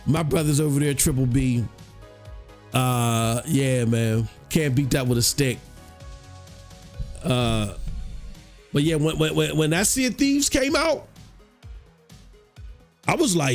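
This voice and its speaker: A man's voice: a little high, measured pace, pauses often, soft background music. A man hosting a casual gaming podcast, telling stories in slangy, profane talk and acting out quotes in a raised voice. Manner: animated storytelling, slangy, swears freely, acts out quotes in a raised voice. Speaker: podcast host.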